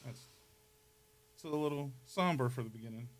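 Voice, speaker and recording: A man hosting a comedy podcast while putting on a playful impression of a soft-spoken TV painter, laughing often. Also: medium pitch, normal speed, lightly acted. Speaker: podcast host. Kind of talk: comedic Bob Ross impression.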